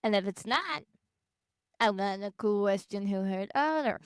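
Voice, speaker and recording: A woman's voice: mid-range voice, expressive, unhurried, clean tone, dry recording, studio quality. A young woman co-hosting a podcast in casual chat, blunt and rambling, swearing freely. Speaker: podcast co-host.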